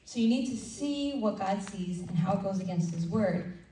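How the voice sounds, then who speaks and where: A woman leading a women's ministry breakfast, preaching in a conversational, animated way and acting out little asides. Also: mid-range voice, moderate pace. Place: church event room. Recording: roomy hall sound from a distant mic with faint noise.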